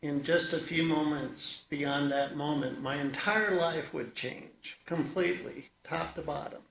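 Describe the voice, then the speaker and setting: Male storyteller, wry and reflective, unhurried delivery, dull lo-fi recording. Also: on the high side, gravelly, fairly bright tone, a little hiss or hum. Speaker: author and energy worker sharing his story. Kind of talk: personal storytelling talk.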